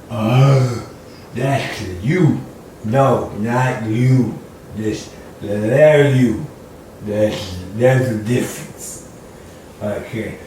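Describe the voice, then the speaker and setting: A man's voice: lowish voice, extremely slow, a little mellow, a little hiss or hum. A man doing a playful, mock-confused comedy routine, chatting with an imagined audience. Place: room at home. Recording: distant mic in an echoey room with faint ambience.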